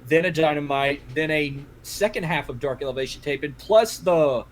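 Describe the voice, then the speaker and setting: A man's voice: on the high side, moderate pace. Cajun-accented man, loose rambling podcast chat, salty language. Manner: rambling, profane, heavy on filler "like". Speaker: podcast co-host.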